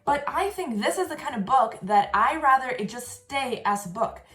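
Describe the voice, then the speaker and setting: A woman's voice: high-pitched, animated, moderate pace, a bit bright, roomy sound, soft background music. A young woman talking casually and with enthusiasm as she reviews the books she read this month, laughing now and then. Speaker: book vlogger.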